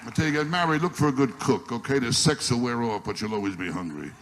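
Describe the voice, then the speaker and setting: A man's voice: mid-range voice, fast talker. A man doing a stand-up comedy set on stage, firing off one-liners in an exasperated, complaining way. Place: live stage before an audience. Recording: noisy archival live recording.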